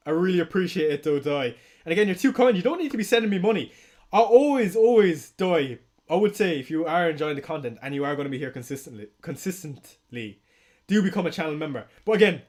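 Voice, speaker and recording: A young Irish man hosting a fantasy football livestream, talking casually and excitably, swearing and laughing often. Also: on the high side.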